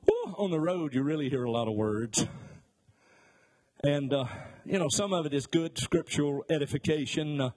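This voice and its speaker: A man's voice: on the high side, expressive, moderate pace, darkish tone. A middle-aged male pastor preaching a sermon, telling folksy stories with jokes and acting out voices as he goes. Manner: folksy storytelling with jokes and asides; acts out voices in his stories.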